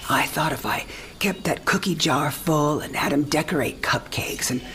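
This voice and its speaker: An actress playing a frail, dying elderly mother, speaking softly in a breathy half-whisper. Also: low-pitched, normal speed, soft background music. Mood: tender. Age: older. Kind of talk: game cinematic acting.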